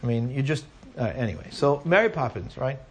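A man's voice: mid-range voice, animated, brisk, husky. Man teaching a Torah class. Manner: conversational, checks in with "right?" and side remarks. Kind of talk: lecture to a live audience.

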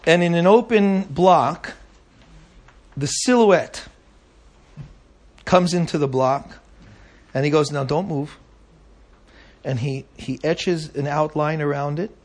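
A man's voice: a little high, slow pace, pauses often, a little mellow. A man teaching a Torah class to a live audience, talking conversationally and often checking in with asides like "right?".

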